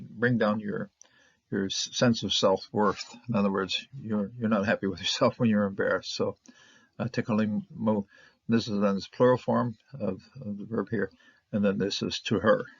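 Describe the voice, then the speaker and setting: Man, Hebrew lesson, husky low voice, halting with fillers, muffled dry home recording. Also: steady tone, dry recording. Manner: halting, many fillers, sounds out syllables slowly. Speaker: Hebrew teacher. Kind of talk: casual Bible Hebrew lesson.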